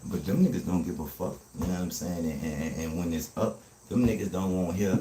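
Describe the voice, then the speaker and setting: Fast-talking New man, very deep. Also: dark tone, reverberant, slight background noise. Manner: fast-talking, streetwise, keeps saying "you heard me". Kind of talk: casual livestream talk.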